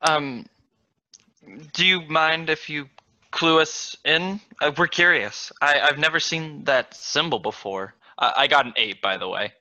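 Stammery guy at a tabletop game, bright sharp voice, dry lo-fi sound. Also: a little high, no room sound. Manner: halting, stammering. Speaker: player. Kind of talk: in-character tabletop play. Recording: dry, dull lo-fi mic.

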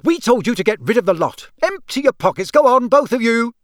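A man's voice: big pitch swings, normal speed, dry recording, clean studio sound. A man voicing a stern, fussing middle-aged mother witch who scolds sharply. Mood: scolding. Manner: sharp, scolding, shrill when angry.

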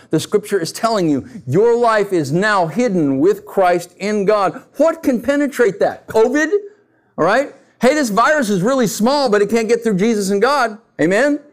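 Male pastor, slightly high voice with a wide lively range, conversational sermon full of rhetorical questions.

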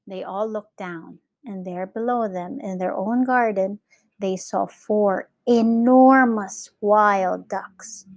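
A woman teacher reading a children's story aloud, in slow, clear storytelling with lively character voices. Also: medium pitch, no echo. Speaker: English teacher.

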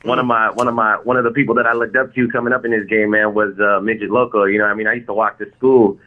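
A man chats through a casual interview, loose and slangy, dropping "you know what I mean" between stories. He talks fast and the sound is narrow and tinny, like a phone call. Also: lowish voice, flat delivery. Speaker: rapper guest. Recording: phone-like lo-fi line.

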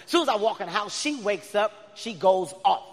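A man in his thirties doing a loud, profane stand-up comedy routine on stage, shouting his punchlines. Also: sits high, animated, fairly quick. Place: large comedy venue on stage. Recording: live hall reverb, faint crowd ambience.

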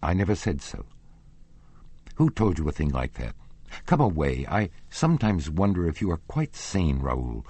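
A man's voice: extremely low pitch, very animated, normal speed, warm tone, breathy edge, no echo, full character voice. A man reading the lines of a nervous, frightened young woman in an audiobook, in a feverish, pleading way. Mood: frightened, evasive.

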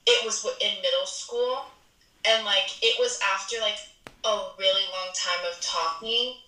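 A woman's voice: medium pitch, fairly even intonation, a little slow, bright, forceful tone, echoey room, distant mic, poor audio. A young woman in casual chat, rambling and searching for words as she explains her feelings.

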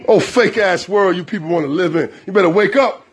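A man's voice: sits high, brisk, faint music behind. A man hosting a show, delivering an aggressive, profane monologue in a confrontational manner. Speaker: show host.

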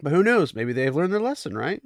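A man's voice: a little high, big pitch swings, brisk, no room sound, studio quality. A man casually recapping a fantasy novel, chatty and amused, lightly voicing the characters as he goes. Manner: chatty, laughs at the story, voices characters lightly. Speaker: book recap host.

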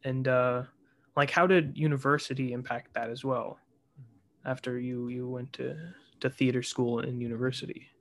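A man hosting a podcast, chatting casually and chiming in with quick agreement. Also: medium pitch, flat delivery, fairly bright tone. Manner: friendly, quick agreeing interjections. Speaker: podcast host. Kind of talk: casual conversation.

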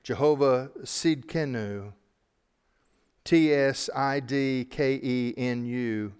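A man's voice: mid-range voice, slow, a little mellow, smooth. Earnest male preacher in a reverberant hall. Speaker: pastor teaching on the Psalms. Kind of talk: sermon, Bible teaching.

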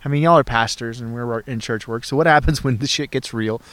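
A man in church work chatting by a cold outdoor campfire, easygoing and thoughtful, a bit halting. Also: mid-range voice, a bit bright, no room sound. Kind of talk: casual chat.

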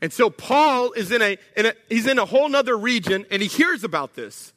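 In an echoey church hall, a man with a very high voice delivers a sermon as pastor, speaking briskly with few pauses. His storytelling is animated and full of humorous asides.

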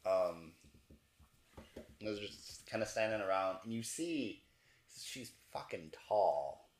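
Low-voiced rambling game master. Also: male voice, animated, slow pace, echoey room. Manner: loose, rambling description full of fillers. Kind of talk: narrating a tabletop game.

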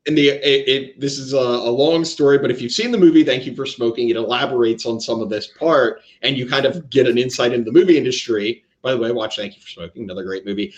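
A man's voice: mid-range voice, quick pace, hardly any pauses, muffled recording. Rambling male podcast co-host. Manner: rambling, stumbles and restarts, tangents. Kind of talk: casual chat.

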